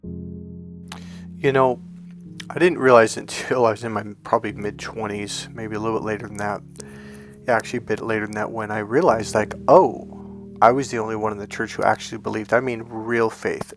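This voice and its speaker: A low-pitched man with a gravelly edge talks straight to camera, telling a personal story. He is earnest and rambling and keeps stopping to correct himself. Soft music plays faintly behind him. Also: steady tone, moderate pace. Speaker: dating and healing coach.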